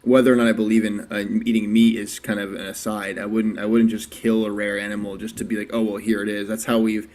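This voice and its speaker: Low-voiced man thinking aloud. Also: level tone, fast talker, hardly any pauses, a little mellow. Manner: hesitant, restarts often, thinks aloud. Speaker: podcast guest. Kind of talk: casual podcast chat.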